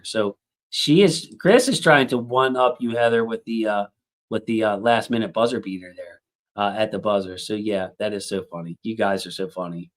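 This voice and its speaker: A man's voice: lowish voice, moderate pace. A man in his thirties hosting a casual sports livestream, rambling through thanks to his chat with lots of fillers.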